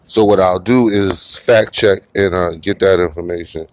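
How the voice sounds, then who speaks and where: A man's voice: low voice, takes it slowly, pauses often. A man hosting a casual morning commentary, rambling and profane, mocking his targets and laughing often. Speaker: commentary channel host.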